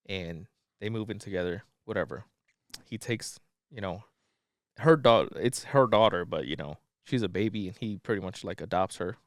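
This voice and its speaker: A man with a lowish voice, recorded cleanly in a studio with no room sound, co-hosts a podcast. He recaps a movie plot casually, telling it in a loose, profane, slangy style.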